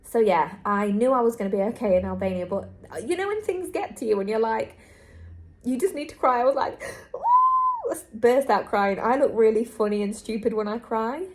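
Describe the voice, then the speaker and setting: A woman's voice: on the high side, brisk, darkish tone. Earnest woman vlogging to camera. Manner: earnest, repetitive, heartfelt. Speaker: travel vlogger. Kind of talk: candid vlog monologue to camera.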